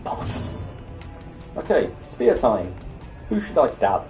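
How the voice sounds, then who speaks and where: A man's voice: mid-range voice, wildly swooping pitch, takes it slowly, distant mic, over music. A young British man giving casual, sardonic commentary while streaming a game, muttering to himself and breaking into exasperated rants.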